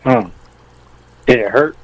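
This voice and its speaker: A man calling in to an advice show, telling his story in a halting, deadpan way. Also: mid-range voice, a crowd in the background, low-quality recording. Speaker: caller. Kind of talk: prank call-in chat.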